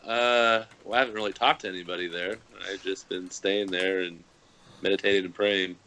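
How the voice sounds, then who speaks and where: A man playing a tabletop game, answering in an unsure, drawn-out way. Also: sits low, steady tone, sharp tone, slight background noise, poor audio. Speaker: player.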